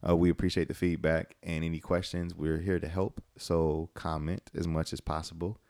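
A woman co-hosts a podcast, backing up her partner with brief, supportive remarks. Her voice is remarkably deep for a woman, and the sound is dry with no room echo. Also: flat delivery, normal speed, warm tone. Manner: supportive, chiming in with short replies. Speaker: podcast co-host. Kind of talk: casual podcast chat.

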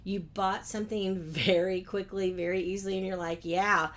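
A woman's voice: mid-range voice, flat delivery, normal speed. A woman hosting her own business podcast, talking conversationally and asking her listeners questions. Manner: friendly, conversational, rhetorical questions. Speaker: podcast host. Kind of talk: solo business podcast talk.

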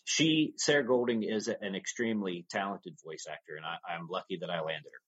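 A man's voice: low-pitched, fairly quick, fairly bright tone, husky, lo-fi sound. A man talking as a podcast guest about his audio drama work, in an easygoing, rambling storytelling manner. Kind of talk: casual interview talk.

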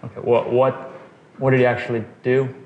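Bible study leader, male, mid-pitched, easygoing teaching talk, recorded in an echoey room with faint hiss. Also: little pitch movement, brisk, darkish tone, muffled recording. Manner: casual, quizzes the group, frequent "okay" and "right". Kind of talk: conversational scripture teaching. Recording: roomy echo, faint noise.

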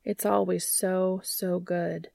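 A woman reading fan fiction aloud in a soft, even storytelling voice. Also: on the low side, slow pace, gravelly.

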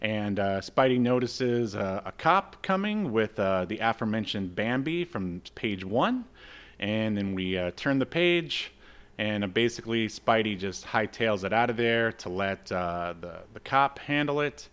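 A man co-hosting a podcast, recapping a comic in a relaxed, chuckling way and reading out the lines in the panels. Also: on the low side, unhurried, smooth. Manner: laid-back, chuckling, reads out panel lines. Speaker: podcast co-host. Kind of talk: casual chat recapping a comic.

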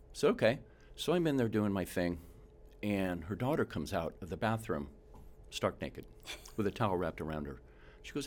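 A man who works as a home inspector, telling animated stories in a casual interview and acting out the people he quotes. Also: deep voice, normal speed. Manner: animated storyteller, acts out quotes, frequent restarts.

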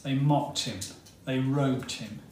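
A male preacher giving a sermon, retelling a story dramatically with long pauses. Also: medium pitch, darkish tone, slight background noise. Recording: roomy hall, mic at a distance, faint ambience.

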